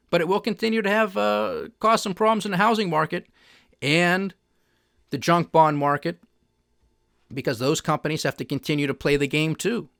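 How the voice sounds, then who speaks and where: Man, higher-pitched voice, emphatic sarcastic market commentary, dry close sound. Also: moderate pace, vocal fry, fairly bright tone, no room sound. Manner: emphatic, sarcastic, addresses audience as folks. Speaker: finance news show host. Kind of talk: opinionated commentary.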